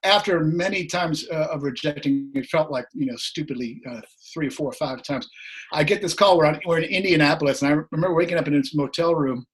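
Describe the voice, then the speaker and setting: Middle-aged man, slightly hoarse, raised pitch, lively anecdote teller on a video call. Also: quick pace. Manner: animated, laughs while telling anecdotes. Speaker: guest musician. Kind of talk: casual storytelling.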